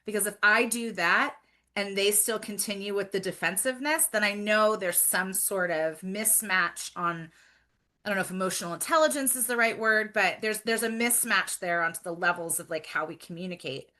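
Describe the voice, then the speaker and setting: A woman's voice: medium pitch, moderate pace, bright, forceful tone. A woman guest on a podcast, talking earnestly and reflectively in casual chat, with frequent fillers.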